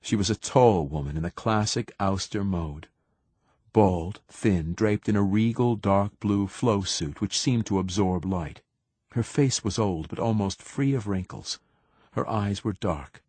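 Husky low-voiced male audiobook narrator. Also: unhurried, a little mellow, no echo. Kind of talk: scripted narration.

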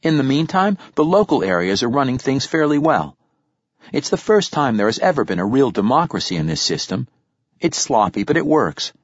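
A man reading an audiobook and voicing an upbeat, eager man who explains how things are being run, in a lively, explanatory manner. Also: medium pitch, moderate pace, breathy edge, no echo, pitched above the performer's own voice. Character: calm, upbeat man explaining a new government. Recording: dull, dry lo-fi recording.

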